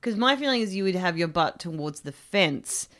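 A woman's voice: fairly low pitch, animated, fairly bright tone. Wry young Australian woman. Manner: wry, teasing, quick with jokes. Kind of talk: casual chat.

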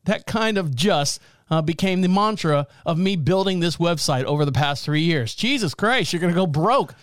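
A man with a fairly high voice hosts a casual podcast from a small studio. He talks in a sarcastic, jokey way and laughs often. The sound is dry and close to the mic. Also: expressive, normal speed, clear, resonant tone, dry recording. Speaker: podcast host.

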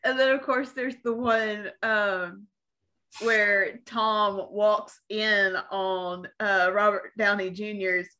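A woman's voice: mid-range voice, steady tone, slow pace, sharp tone. A young woman, co-hosting a casual podcast and retelling stories by acting out what people said. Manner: storytelling, acts out quotes with laughter. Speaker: podcast co-host. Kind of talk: casual chat.

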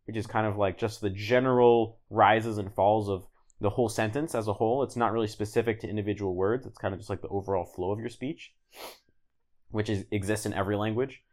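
Low-pitched male guest, loose conversational delivery, frequent fillers. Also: a little fast. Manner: relaxed, rambling, many "like"s and restarts. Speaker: guest, language learner. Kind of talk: casual podcast interview.

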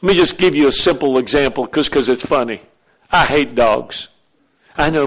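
A man's voice: medium pitch, normal speed, a bit bright. A middle-aged man preaching a sermon as pastor, acting out questions from the congregation and answering them.

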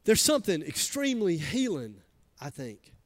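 A man with a Southern US accent preaching a sermon, chatting with the congregation between soft asides and loud emphatic lines. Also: sits high, big pitch swings, moderate pace. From American South. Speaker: pastor.

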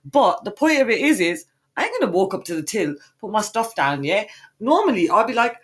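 A woman's voice: mid-range voice, very animated, fairly quick. A woman co-hosting a podcast, swearing and trading mock insults in casual banter. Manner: sweary, teasing, mock-aggressive. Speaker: podcast co-host.

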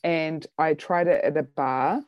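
A woman's voice: sits low, measured pace, darkish tone, no echo, clean studio sound. A woman comedian chatting casually, telling a rambling story about a show she hosted. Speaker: comedian and bingo host. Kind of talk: casual chat.

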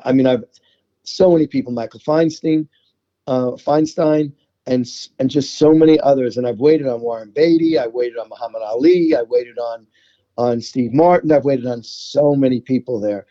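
A middle-aged to older songwriter with a New York accent chats through an interview, telling stories from his life and often repeating words as he begins a thought. His voice is medium-pitched and dark, and the audio is dull.

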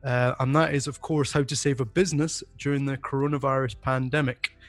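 A man's voice: medium pitch, flat delivery, fairly quick, soft background music. A man hosting a podcast, joking around in casual chat with lots of fillers. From Scotland. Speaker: podcast host.

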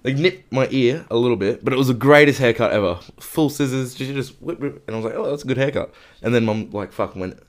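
Young bloke, foul-mouthed and rambling, a laid-back podcast co-host. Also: male voice, mid-range voice, fast. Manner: swears constantly, rambling anecdotes. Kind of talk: casual chat.

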